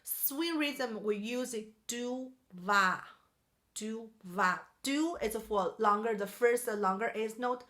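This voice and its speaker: Slow, bright-voiced woman teaching piano. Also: on the high side. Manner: explains in short phrases and sings rhythm syllables. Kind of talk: jazz piano lesson. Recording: piano playing behind.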